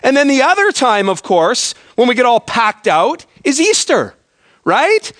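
A man's voice: extremely high pitch, sing-song, unhurried, fairly bright tone, dry recording. A man preaching a conversational sermon in church, joking with the congregation and often checking in with "right?". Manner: conversational, self-deprecating humor with frequent "right?". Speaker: pastor. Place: church sanctuary.

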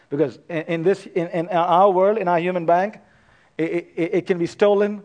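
A man preaching a sermon as pastor, swinging between loud emphatic passages and a hushed, quiet close. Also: sits high, fairly even intonation, normal speed.

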